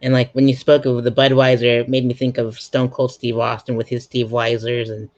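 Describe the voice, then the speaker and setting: A male host with a mid-pitched voice chats easily and agreeably. His audio sounds dull and muffled. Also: monotone, a little fast, a little mellow, no echo. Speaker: podcast host, comedian. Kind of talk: casual interview chat.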